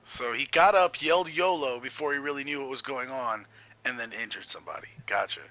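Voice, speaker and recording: A man's voice: medium pitch, brisk, sharp tone, poor audio. A man commentating on a game in a casual, joking way, bantering with his co-hosts.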